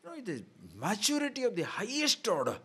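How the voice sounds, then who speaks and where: A man's high, breathy-edged voice carries a fairly quick scriptural discourse. He's a spiritual teacher, animated in manner, who keeps asking his audience rhetorical questions.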